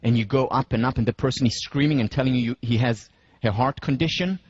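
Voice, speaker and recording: Husky-voiced man giving a deliberate lecture. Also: mid-range voice, dry recording, highs cut off. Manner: deliberate, emphatic, slows down to stress points; walks listeners through scenarios step by step. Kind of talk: university lecture.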